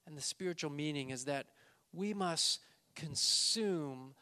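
A man preaching a sermon, emphatic, slowing down and stressing key words. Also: a little high, pushed and bright. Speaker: pastor.

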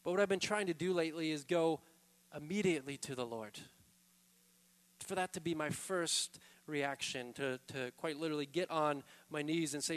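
A man's voice: a little high, moderate pace, a bit bright. Male pastor preaching in a reverberant hall. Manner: earnest, rhetorical questions, conversational asides. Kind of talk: sermon.

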